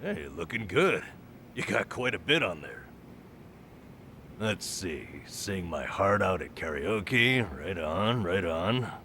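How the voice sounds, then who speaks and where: An excitable gravelly young hero. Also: male voice, sits low, slight background noise, full character voice. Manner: excitable and animated. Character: upbeat, friendly young male hero buddy. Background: game music.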